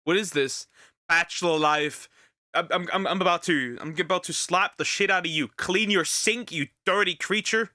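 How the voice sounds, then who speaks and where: Male reaction streamer: high, lively, stammery and profane, bone-dry recording. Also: normal speed, no room sound. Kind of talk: reaction commentary.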